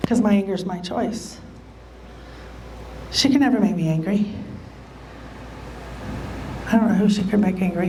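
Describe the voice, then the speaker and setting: A woman's voice: mid-range voice, normal speed, pauses often, dark tone, slight background noise. A woman teaching a church lesson on relationships, emphatic, repeating key phrases and acting out what people might say. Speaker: church Bible study teacher. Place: church meeting room.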